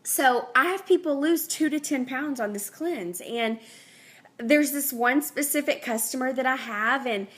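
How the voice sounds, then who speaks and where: Young woman, health coach, slightly high voice; earnest, chatty, rambling, faith-centered. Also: measured pace, fairly bright tone. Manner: earnest, rambling, faith-driven, with many fillers and restarts. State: pregnant. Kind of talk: casual unscripted talk to viewers.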